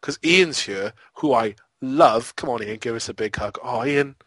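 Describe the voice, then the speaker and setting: A man voicing a fawning wife who gushes over her guest in a soft, mock-adoring way. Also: medium pitch, moderate pace, no echo, studio quality, natural voice. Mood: gushing.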